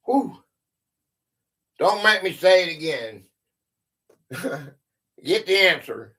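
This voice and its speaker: A man's voice: high-pitched, sing-song, slow, long pauses, bright, forceful tone, poor audio. A man hosting a casual live game stream, reading quiz questions aloud with a drawl and chuckling at his own stumbles.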